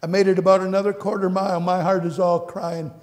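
A man preaching a sermon and telling his own story, earnest and repetitive, going from hushed to exclaiming. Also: sits high, level tone, quick pace. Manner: earnest, repeats phrases, swings between hushed and exclaiming. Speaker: pastor. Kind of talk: sermon with personal testimony. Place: church sanctuary. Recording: long church reverb.

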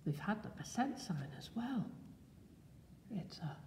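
A woman's voice: mid-range voice, very animated, measured pace, a little mellow. A woman leading a children's church session, coaxing the children with questions in a sing-song manner. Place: large church building. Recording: echoey church hall, slight noise.

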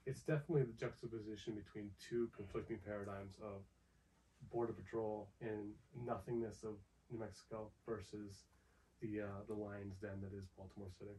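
A man's voice: fairly low pitch, steady tone, brisk, dark tone, slight background noise. Man telling laid-back stories, mic a bit distant. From upstate New York. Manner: laid-back storytelling with frequent laughs. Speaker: guest. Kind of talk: casual chat.

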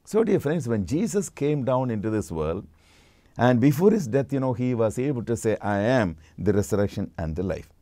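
Mellow-voiced man giving a sermon. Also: mid-range voice, sing-song, dry recording, studio quality. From India. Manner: measured teaching, slow and deliberate. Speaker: preacher.

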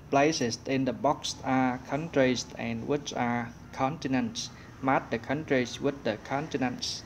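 A man leads an English workbook lesson at a very slow, unhurried pace. He thinks aloud as he searches for each answer, and a faint background hum sits under his voice. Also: mid-range voice. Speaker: English teacher.

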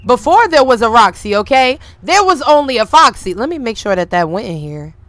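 A woman streamer giving casual, animated, slangy commentary to her viewers while playing a life-simulation game. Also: a little high, a little fast, no room sound. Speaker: gaming streamer.

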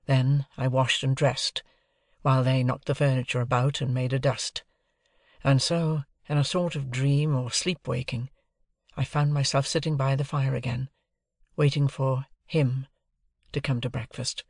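A male narrator reads a classic novel aloud, phrase by phrase, in a measured, even way. His voice has a noticeable gravelly texture, and the recording is dry and close. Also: mid-range voice, no echo. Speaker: audiobook narrator. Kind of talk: audiobook reading of a classic novel.

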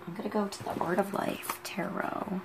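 A woman giving an unscripted tarot reading, musing and halting as she thinks aloud with many pauses. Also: medium pitch, fairly even intonation, noisy background. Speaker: tarot reader.

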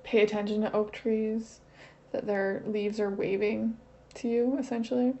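Speaking slightly slowly, this woman has a dark, medium-pitched voice that barely rises or falls. Alone in a casual channeling session, she works through her thoughts hesitantly, doubting herself out loud. Faint noise sits under the slightly muffled, lo-fi sound.

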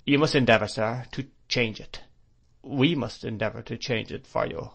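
A man's voice: medium pitch, moderate pace, gravelly, fairly bright tone. A man voicing a grave, domineering stepfather who speaks sternly.

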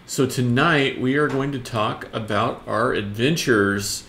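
A man co-hosts a live stream in relaxed, jokey chat while he draws. His pitch is ordinary for a man. The room gives it a roomy echo with faint noise behind. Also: measured pace. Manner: easygoing, jokey, greets viewers. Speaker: co-host and artist drawing live. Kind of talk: casual chat.

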